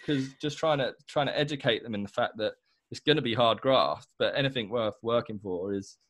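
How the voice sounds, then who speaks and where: A man's voice: mid-range voice, brisk, a bit bright, no echo. A young man, a podcast guest, chatting casually with lots of likes and you-knows. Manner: chatty, says like and you know a lot. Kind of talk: casual chat.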